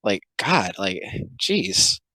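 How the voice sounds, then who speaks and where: Sarcastic dude ranting and swearing, sharp bright voice, dry close mic. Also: male voice, deep voice, drawn-out words, slightly rough, no echo, poor audio. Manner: ironic, swearing, jumps between deadpan mutters and loud outbursts. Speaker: commentator. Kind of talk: sarcastic comedic commentary.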